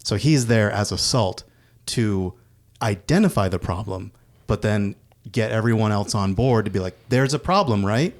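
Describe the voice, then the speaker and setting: A man's voice: on the low side, moderate pace. A man co-hosting a podcast, chatting casually about films and acting out their lines in raised voices. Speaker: podcast co-host. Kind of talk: casual film discussion.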